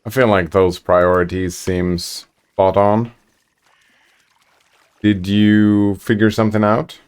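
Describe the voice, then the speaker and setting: Chill guy streaming games, low smooth voice, bit of music behind. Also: flat delivery, slow pace, a little mellow. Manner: laid-back, chatty, reads chat aloud. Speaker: game streamer. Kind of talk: casual gameplay commentary.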